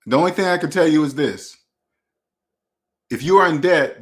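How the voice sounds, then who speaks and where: With a fairly high pitch and lively intonation, a man hosting a personal finance channel talks to camera at a moderate pace, leaving long pauses. This casual monologue is blunt, slangy street talk, preachy and full of repeated key phrases for emphasis.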